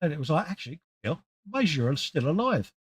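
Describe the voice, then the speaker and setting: Lively British man bantering late at night. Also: fairly high pitch, fast, slightly rough, dry recording, studio quality. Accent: British English. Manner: banter, storytelling with acted quotes. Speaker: co-host. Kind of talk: casual late-night chat while painting.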